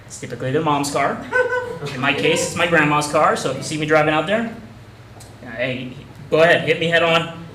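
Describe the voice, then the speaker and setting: A man's voice: fairly high pitch, steady tone, brisk, distant mic, a crowd in the background. A young man performing a stand-up comedy set on a club stage, talking in a casual, rambling, self-mocking way. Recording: echoey club room from afar, audience noise. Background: audience laughter.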